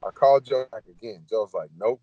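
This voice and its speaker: A man, a former fighter, telling his career stories in a blunt, animated, profane way. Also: medium pitch, brisk, dry recording, dull audio. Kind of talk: casual storytelling Q&A.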